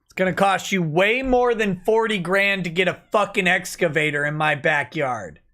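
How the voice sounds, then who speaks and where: A drunk man hosts a late-night livestream, ranting angrily and swearing constantly. His high-pitched voice has a sharp tone, and he talks at a moderate pace.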